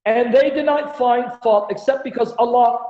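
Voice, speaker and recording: Here the voice is extremely high-pitched and mellow, moving at a normal speed: a Christian apologist hosting a livestream that teaches Bible-Quran debate. Between scripture readings he animatedly presses listeners with rhetorical questions, captured in echoey, dull lo-fi sound.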